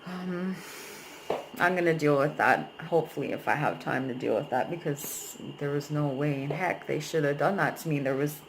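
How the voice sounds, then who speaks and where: A woman's voice: low voice, normal speed, slight background noise, low-quality recording. A young adult woman vlogger venting candidly about a relationship, frank and emotional, swearing freely.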